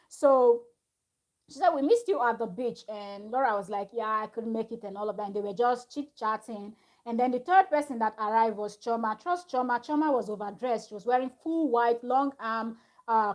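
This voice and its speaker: Chatty woman recapping gossip. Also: a little high. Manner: chatty, gossipy, laughs often. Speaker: reality TV reviewer. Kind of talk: casual recap chat.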